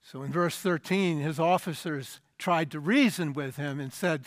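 A man preaching a sermon, explaining a scripture passage emphatically and dropping to a low, quiet voice at the end of phrases. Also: a little slow, hardly any pauses, no room sound, studio quality.

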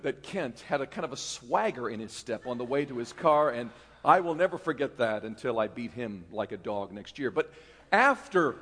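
A middle-aged pastor from North Carolina preaching a sermon, folksy and self-mocking, building to fervent emphasis. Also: male voice, fairly high pitch, in a large hall. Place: church sanctuary.

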